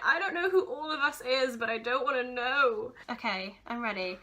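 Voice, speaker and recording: A woman's voice: high voice, animated, unhurried, bright, forceful tone. A young woman vlogging casually, gushing and giggly as she goes through keepsakes, teary-eyed and sentimental. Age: young adult. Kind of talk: casual vlog chat.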